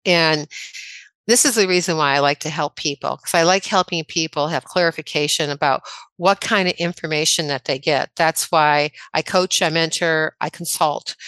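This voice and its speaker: A woman in her sixties from the American Midwest, a chiropractor telling personal stories in a casual interview, chatty and quick to laugh. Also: deep voice, fairly bright tone, no room sound. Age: 60s. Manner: chatty, anecdotal, laughs often. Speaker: podcast guest, chiropractor.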